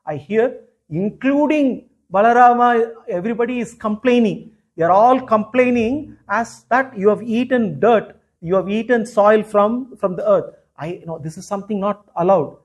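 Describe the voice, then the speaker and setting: A man's voice: sits high, moderate pace, pitched above the performer's own voice. A man voicing a worried mother scolding her small son.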